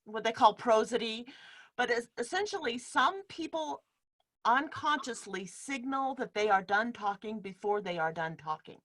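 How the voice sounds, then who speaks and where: Workshop leader, woman, bright voice, explains by demonstrating, laughs easily, heard over a video call. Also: on the high side, expressive, moderate pace. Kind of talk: teaching a live online workshop. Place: home room in front of a bed sheet.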